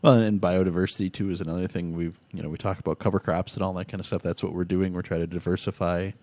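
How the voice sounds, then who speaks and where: Lower-voiced man hosting a podcast. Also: fast talker, dry recording. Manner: laughs often, animated storytelling. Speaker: podcast host. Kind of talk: casual chat.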